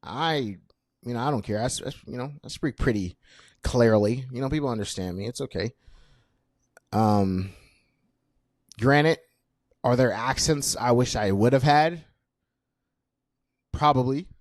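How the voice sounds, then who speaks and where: A young podcast host in his 20s runs a chatty solo show, self-deprecating and full of fillers. He speaks at a measured pace with frequent pauses in a mid-range voice, recorded dry and clean in a studio.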